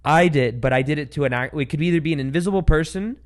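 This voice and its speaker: Young male host, slightly high voice, animated and laughing through casual storytelling. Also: fast talker. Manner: animated, laughs while telling stories. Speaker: podcast host.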